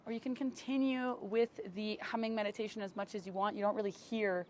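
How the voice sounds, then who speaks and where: A woman yoga teacher giving slow, gentle, soothing cues for poses and breathwork, recorded outdoors on a camera mic. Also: mid-range voice, flat delivery, slight background noise. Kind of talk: guided yoga and breathwork instruction. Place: outdoors in bright sun.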